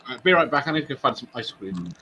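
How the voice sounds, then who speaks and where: A man's voice: medium pitch, sing-song, quick pace, sharp tone, slightly rough. A man from northwest England in casual stream chat, joking and playfully defensive. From northwest England, across the river from Liverpool.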